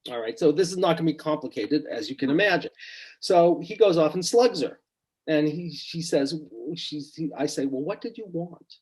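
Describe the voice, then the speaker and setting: Husky middle-aged man telling a story. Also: on the high side, normal speed, poor audio. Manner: relaxed storytelling, acts out clients' voices quietly. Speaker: psychotherapist guest. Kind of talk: storytelling in a podcast interview.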